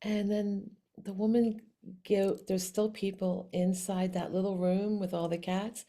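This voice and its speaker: A woman telling a personal story to camera in a casual, animated way, with frequent restarts and laughs. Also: medium pitch, a little slow. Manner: animated, chatty, many restarts, laughs often. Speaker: vlog host.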